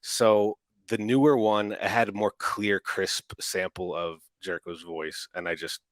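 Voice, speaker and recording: A man co-hosting a casual podcast, relaxed and rambling, restarting his sentences often. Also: lowish voice, a little slow, no room sound. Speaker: podcast co-host and audio editor.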